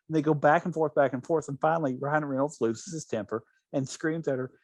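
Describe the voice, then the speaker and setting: A man's voice: on the high side, steady tone, brisk, hardly any pauses, no room sound. Rambling storyteller man. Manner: rambling storyteller with many restarts. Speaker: podcast host. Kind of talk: casual chat.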